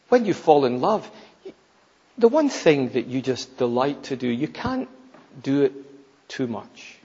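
A man preaching a sermon, slow and emphatic, with sudden loud rises and hushed drops. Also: mid-range voice, gravelly, slightly rough. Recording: dull, lo-fi recording in a reverberant hall.

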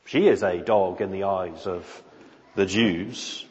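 A man's voice: deep voice, takes it slowly. A man pastor preaching a sermon, earnest and emphatic, repeating phrases and restarting his sentences. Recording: dull lo-fi sound with long hall reverb.

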